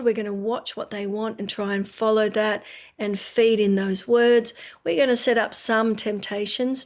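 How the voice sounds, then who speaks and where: A woman speaks as a speech pathologist, coaching parents in a friendly, explanatory way. She often checks in with the listener as she walks through her advice. Her voice sits at an ordinary middle pitch. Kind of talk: instructional talk to parents.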